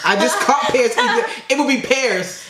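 A man's voice: extremely high pitch, moderate pace, over a noisy crowd. A young man hosting a casual family reaction video, joking and teasing while he keeps score. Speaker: host. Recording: echoey room with loud noise.

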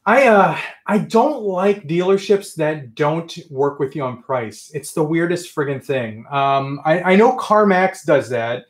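High, animated man ranting on a livestream. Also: a little slow, hardly any pauses. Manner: excitable, ranting, says friggin' often. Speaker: livestream host. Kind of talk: casual livestream chat.

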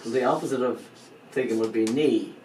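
A man with a mid-range, brisk, slightly mellow voice gives an informal language lesson from far off the mic, in an echoey room with a faint hum. The teacher explains patiently, repeats each phrase and spells words out letter by letter.

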